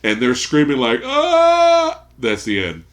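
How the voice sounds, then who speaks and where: A man co-hosting a casual podcast chat, telling stories in a profane, animated way and laughing often. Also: medium pitch, measured pace, slight background noise. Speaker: podcast co-host.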